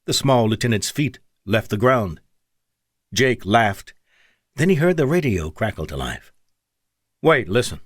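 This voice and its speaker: A man's voice: on the low side, sing-song, a little slow, slightly rough, no room sound. A man narrating an audiobook in dramatic, scripted storytelling on a close studio mic.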